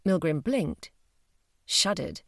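A woman reads a novel aloud with lively, varied intonation and a slightly low voice. The sound is dry and close, with no room around it. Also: slow pace, no room sound. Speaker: audiobook narrator. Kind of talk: scripted narration of a novel.

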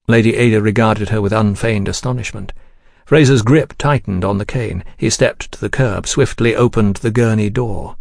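Man narrating an audiobook, measured. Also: lowish voice, vocal fry, a little mellow, no echo, clean studio sound.

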